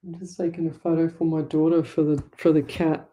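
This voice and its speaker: On her live psychic call-in radio show, a middle-aged Australian medium speaks fairly quickly in a deep, mellow voice with little pitch movement. She gives callers blunt, motherly scoldings and calls them lovey.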